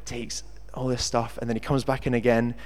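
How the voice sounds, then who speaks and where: Young British preacher in an echoing hall. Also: male voice, medium pitch, fairly quick. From Britain. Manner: lively, chatty, jokey asides. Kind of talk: sermon with scripture reading. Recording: long hall reverb.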